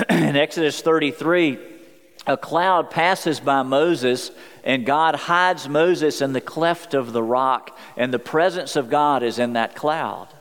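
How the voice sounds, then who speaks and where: A man preaching a sermon as a pastor, earnest, slowing down when he quotes scripture. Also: a little high, fairly bright tone, big-room sound.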